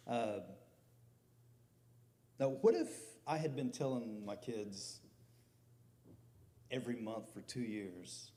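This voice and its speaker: Pastor, middle-aged man, mellow tone, conversational sermon with emphatic swells. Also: fairly low pitch, slow, pauses often. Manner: conversational preaching with rising emphatic peaks.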